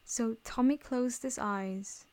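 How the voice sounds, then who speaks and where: A woman reading fan fiction aloud in a steady storytelling voice. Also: fairly high pitch, slow. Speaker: reader.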